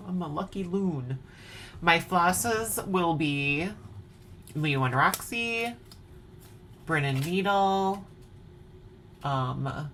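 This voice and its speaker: It's a deep, slightly bright female voice with an Upper Midwest accent, belonging to a woman from Wisconsin doing a chatty show-and-tell of her cross-stitch at home at night. She's playful and sings song snippets along the way. A little hiss or hum can be heard.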